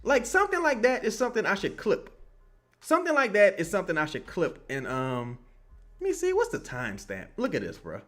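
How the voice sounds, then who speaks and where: A man's voice: high-pitched, huge pitch swings, a little fast, a bit bright, soft background music. A young man watching a basketball game and reacting live, swearing a lot and ranting in bursts. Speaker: basketball commentator streamer.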